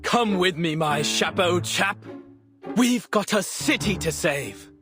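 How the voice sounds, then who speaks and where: Overexcited sleepless clerk, high bouncy voice, theatrical, music underneath. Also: male voice. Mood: excited. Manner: excitable, theatrical, fast-talking bursts. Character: sleepless, overexcited young male civil servant. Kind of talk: game voice acting.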